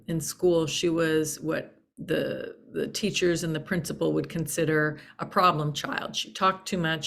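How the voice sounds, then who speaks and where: A woman's voice: deep voice, fairly bright tone. A woman hosting an inspirational spiritual talk, speaking earnestly and soothingly and repeating key phrases for emphasis. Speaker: spiritual channel host.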